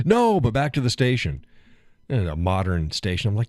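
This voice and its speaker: A man's voice: mid-range voice, huge pitch swings, slow pace, pauses often, a little mellow, no echo, studio quality. A man hosting a live stream, chatting casually, joking, laughing often and getting worked up as he rants.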